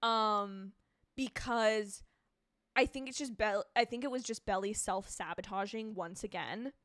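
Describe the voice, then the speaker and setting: With an unhurried delivery and a medium-pitched voice, a young woman reviewing TV runs a live reaction stream, responding to comments in an eager, gushing, rambling way. The audio is close-miked and dry, free of room echo.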